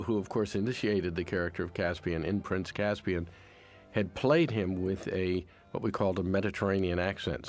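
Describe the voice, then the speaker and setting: A man, the film's producer, giving a reflective, appreciative audio commentary, often repeating a word as he finds his thought. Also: sits low. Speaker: film producer.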